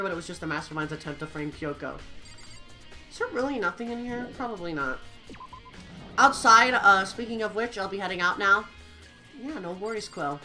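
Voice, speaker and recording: A woman streaming a game playthrough, her voice raspy from allergies, chatting and giggling with viewers between voiced scenes. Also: medium pitch, bright, forceful tone. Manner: chatty, giggly asides to chat.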